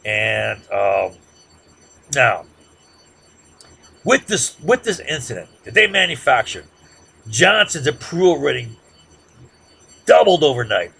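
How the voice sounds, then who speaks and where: Gravelly-voiced man lecturing a class. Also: medium pitch, sing-song, slow, pauses often. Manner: conversational, peppers sentences with "right?"; gets loud and heated when making a point.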